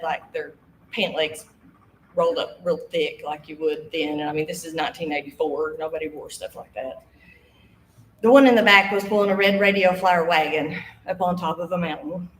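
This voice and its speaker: A woman in her 50s tells a ghost story live before an audience on a studio stage, acting out the voices and laughing often in a lively way. Her voice sits on the low side. The echoey room carries a little hiss or hum.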